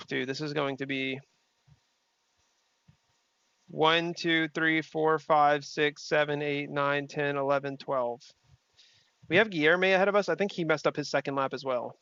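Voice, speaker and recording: A man's voice: on the high side, fairly even intonation, measured pace, pauses often, a bit bright, clear, resonant tone, no echo. A young man streaming a sim race, chatting casually with his chat, reading messages aloud and swearing freely. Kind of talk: casual livestream chat while racing. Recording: dull, slightly lo-fi stream audio.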